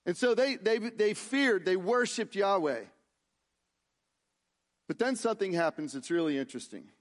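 High-voiced man preaching a sermon. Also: lively intonation, normal speed. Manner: reads scripture aloud, then explains with frequent restarts. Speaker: pastor.

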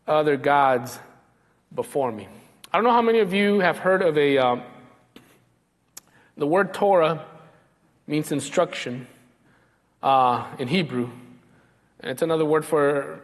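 Man preaching in a reverberant hall. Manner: slows down and drops low when quoting God. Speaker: pastor. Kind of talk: sermon.

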